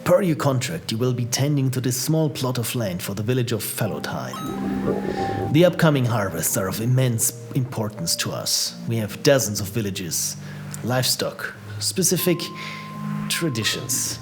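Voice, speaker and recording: A man's voice: mid-range voice, sing-song, moderate pace, music in the background, pitched below the performer's own voice, lightly acted. A man putting on a solemn plague doctor with a Baltic accent. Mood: solemn formal. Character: mysterious masked male plague doctor, formal.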